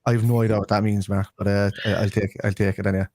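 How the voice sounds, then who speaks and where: A man's voice: on the low side, level tone, racing, a little mellow, dry recording, studio quality. A man hosting a casual football livestream chat, chatty and friendly with his guests. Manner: chatty, calls everyone lad. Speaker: host.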